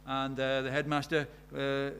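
Earnest preacher. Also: male voice, mid-range voice, monotone, a little slow, fairly bright tone, a little hiss or hum. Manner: earnest, storytelling, asks many questions. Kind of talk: sermon.

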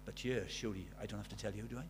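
A middle-aged man preaching a sermon. He drops to near-whispers and then rises to loud, urgent questions. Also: on the low side, steady tone, rapid-fire, background noise. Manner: swings from hushed intimacy to loud urgent questions.

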